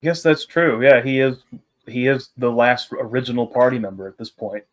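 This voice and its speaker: A man's voice: medium pitch, fairly even intonation, moderate pace. Practical male tabletop player. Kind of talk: casual tabletop banter.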